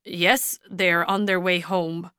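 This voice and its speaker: Gentle middle-aged priest, voiced by a woman narrator, soft and careful, unhurried. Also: on the low side, level tone, smooth, no room sound, studio quality.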